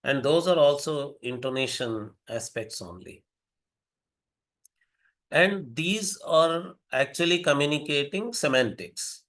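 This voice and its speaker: A man giving an academic lecture, deliberate and repeating key phrases for emphasis. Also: a little high, animated, fairly bright tone.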